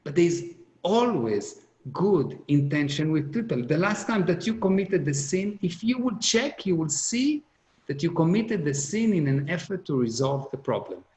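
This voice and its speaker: A man's voice: a little high, very animated, moderate pace, darkish tone. Earnest middle-aged man in roomy hall. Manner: earnest, repetitive emphasis, non-native English grammar. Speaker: business speaker. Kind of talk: motivational seminar talk. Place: conference hall.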